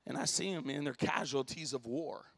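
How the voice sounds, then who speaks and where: Man, pastor, impassioned sermon, casual slang, bright sharp tone, long church reverb. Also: mid-range voice, moderate pace, vocal fry, breathy edge. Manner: impassioned, storytelling, rising to shouts; casual slang like dude and bro. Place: church sanctuary.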